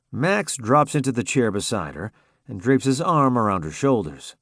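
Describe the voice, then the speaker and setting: A man narrating a romance audiobook in the first person, in a calm, intimate storytelling manner. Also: mid-range voice, moderate pace, no room sound, clean studio sound.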